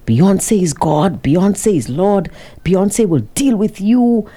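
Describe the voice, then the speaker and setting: A woman voicing an agitated young woman who yells and rants at strangers in a shrill, repetitive way. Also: lively intonation, quick pace, lightly acted. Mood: fervent.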